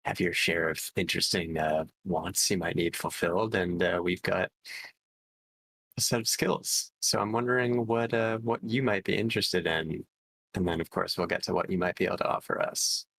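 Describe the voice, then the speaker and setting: A man speaks in character at a tabletop game with a very low, gravelly voice. He negotiates hesitantly and fills his sentences with pauses and "uh"s. The sound is dry and close, with no room echo. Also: fairly even intonation, fairly bright tone. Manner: hesitant, filler-heavy negotiating. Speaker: player. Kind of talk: tabletop role-play in character.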